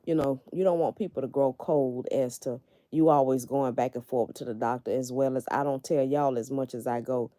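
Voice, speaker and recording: Low, mellow-voiced middle-aged woman. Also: no room sound, studio quality. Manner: candid, confiding, talks straight to viewers. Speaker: livestream host. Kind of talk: casual live-stream chat. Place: in bed at home.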